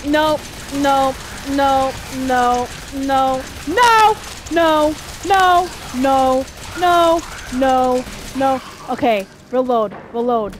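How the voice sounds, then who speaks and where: A young woman giving profane, jumpy let's-play commentary, yelling and cursing when scared. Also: sits high, slight background noise. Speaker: gaming streamer. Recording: faint game music behind.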